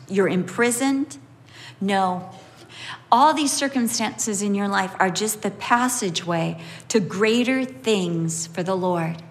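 A woman preaching a sermon, emphatic and expressive, repeating key phrases and acting out the voices of others. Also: long reverb tail. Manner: expressive, acts out voices with big pitch swings; emphatic repetition.

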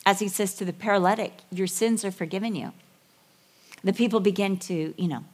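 A middle-aged woman preaching to a women's group, animated and storytelling. Her voice sits at an ordinary pitch for a woman. She slips into little acted voices as she retells scenes. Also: fairly quick. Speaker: women's ministry speaker. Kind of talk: sermon with acted-out Bible dialogue.

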